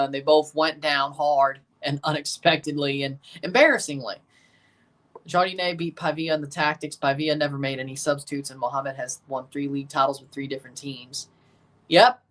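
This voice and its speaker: A man's voice: fairly high pitch, bright, forceful tone. A man streaming casual, opinionated commentary as he watches a football match and talks to his viewers.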